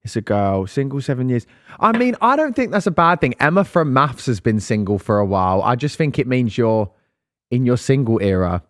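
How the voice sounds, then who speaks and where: A man's voice: medium pitch, big pitch swings, moderate pace, dry recording, clean studio sound. Easygoing young man reading questions aloud. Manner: easygoing, swears casually. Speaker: podcast co-host. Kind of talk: casual chat, reading listener questions.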